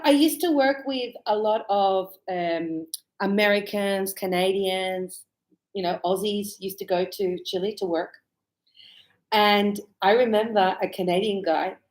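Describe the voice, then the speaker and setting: A woman teaching a relaxed spoken lesson, chatty and animated as she tells stories and laughs often. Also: medium pitch. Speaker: English teacher. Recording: echoey room.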